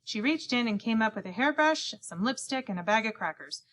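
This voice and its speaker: This audiobook narrator's voice sits on the high side and sounds expressive and fairly bright, moving at a fairly quick pace. She reads a children's novel aloud, narrating as a young boy in the first person and acting out each of the other characters in scripted narration.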